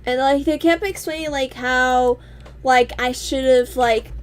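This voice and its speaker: A young woman streamer chatting casually while playing a building game, rambling and halting, swearing casually as she tells stories. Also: high-pitched, fairly even intonation, clear, resonant tone. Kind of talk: casual gaming chat.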